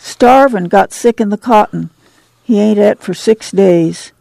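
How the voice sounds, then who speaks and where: A woman voicing a frightened farm boy who speaks in a croaking monotone. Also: mid-range voice, measured pace, no room sound. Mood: flat.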